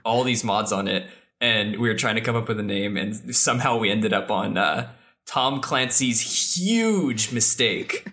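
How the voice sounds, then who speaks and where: Bright-voiced man, laid-back and low. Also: fairly even intonation, fairly quick, hardly any pauses. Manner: laid-back, swears casually. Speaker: podcast co-host. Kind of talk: casual chat about games.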